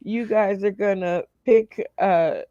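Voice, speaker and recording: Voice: mid-range voice, fairly even intonation, slow pace, dark tone, no echo, highs cut off. A host running a comedy game show over a video call, speaking in a teasing way. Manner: laughs often, teasing.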